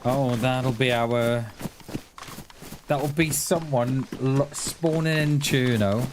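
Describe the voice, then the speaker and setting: A man's voice: medium pitch, takes it slowly, noisy background. A man from the UK streaming a survival game, chatting casually and talking to himself as he plays. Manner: chatty, talks to himself while playing. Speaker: livestreamer. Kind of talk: casual gameplay commentary.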